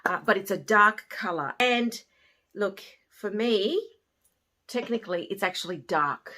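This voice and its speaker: Chatty and expressive, a woman vlogging a beauty haul reviews her purchases in a mid-range voice, taking her time. Her thoughts frequently fade out softly at the ends.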